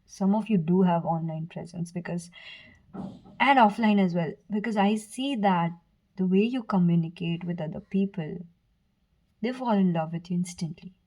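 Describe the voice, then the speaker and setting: A woman giving a pick-a-card tarot reading, speaking softly and earnestly to the viewer, with fillers, restarts and brief whispers. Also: fairly low pitch, normal speed, poor audio. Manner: soft, earnest, direct address with fillers and self-corrections. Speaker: tarot reader.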